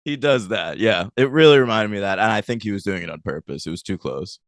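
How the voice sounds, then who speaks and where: A man co-hosting a podcast in relaxed casual chat, explaining things and laughing often. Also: fairly low pitch, fast talker, no room sound, studio quality. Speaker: podcast co-host.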